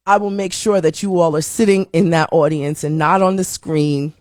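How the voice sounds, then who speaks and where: A woman's voice: lowish voice, normal speed, hardly any pauses, no room sound, studio quality. A woman hosting a livestream show, talking straight to her viewers in a casual sign-off and slipping into sing-song phrasing now and then. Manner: animated, talks straight to viewers.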